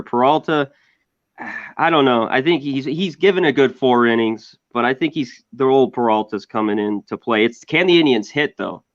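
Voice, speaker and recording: A man co-hosting a sports betting show who gives measured, hedging analysis. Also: mid-range voice, dry recording. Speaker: co-host. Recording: dull dry lo-fi audio.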